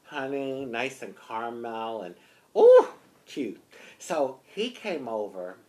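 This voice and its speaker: A woman from the United States telling a personal story in an animated, expressive way, often saying "honey". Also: a bass voice, slow pace. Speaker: vlogger.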